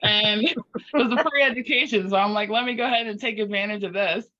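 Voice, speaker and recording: A woman guest on an interview podcast, talking earnestly in an animated, storytelling way and acting out her own inner dialogue. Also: mid-range voice, fast talker. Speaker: podcast guest, life coach. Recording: slightly muffled lo-fi audio.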